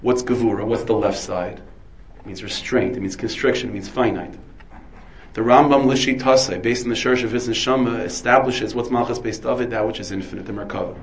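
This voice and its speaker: A man's voice: fairly low pitch, fairly even intonation, brisk, slight background noise, poor audio. Man giving a rambling Torah lecture. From United States. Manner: digressive, asks and answers his own questions; dense with Hebrew and Yiddish terms. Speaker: rabbi.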